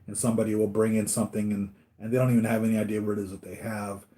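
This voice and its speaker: A man's voice: fairly low pitch, little pitch movement, racing, mellow. Rambling man hosting a live stream. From United States. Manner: rambling, acts out voices of others in anecdotes. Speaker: collectibles channel host. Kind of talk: casual live-stream chat.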